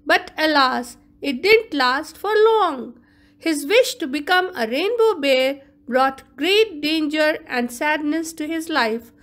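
A woman's voice: high voice, lively intonation, a bit bright. A woman teacher giving an online lesson, carefully explaining vocabulary. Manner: slow, explaining word meanings carefully.

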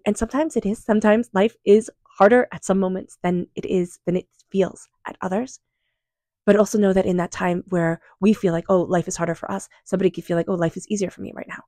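A woman giving a casual tarot reading, speaking in a gentle, rambling and reassuring way. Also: lowish voice, no room sound. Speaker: tarot reader.

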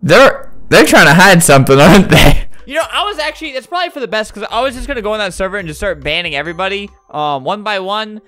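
A gaming video creator giving comedic commentary in an excitable, teasing way, laughing often, at a desk microphone. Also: mid-range voice, fast, dry recording.

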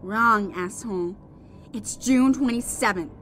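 A woman's voice: medium pitch, a little slow, fairly bright tone, soft background music, lightly acted. A woman voicing a tough young mare who swears freely and talks back with defiance. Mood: wary.

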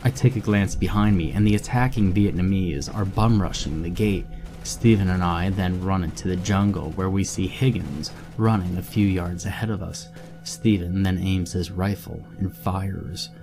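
A man narrating a horror story in a measured, steady reading. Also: sits low, over music.

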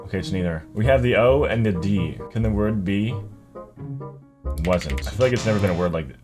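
A man's voice: lowish voice, animated, a little fast. A man thinking aloud as he plays a word puzzle, muttering half-words and guesses and laughing often at himself. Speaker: gaming YouTuber. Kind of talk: thinking aloud while playing a word game. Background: music.

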